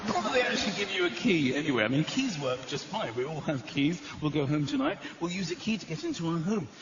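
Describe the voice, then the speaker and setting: A man doing stand-up comedy on a theater stage, telling self-mocking stories in an animated way. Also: on the high side, fast talker. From England. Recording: echoey live theater, dull, noisy.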